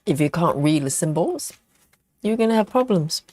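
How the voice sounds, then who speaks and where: A woman's voice: lowish voice, lively intonation, normal speed, warm tone, no room sound. A woman hosting a live cross-stitch stream, reading viewer comments aloud and chatting back while she stitches and eats chocolate. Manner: chatty, reads comments aloud and answers them.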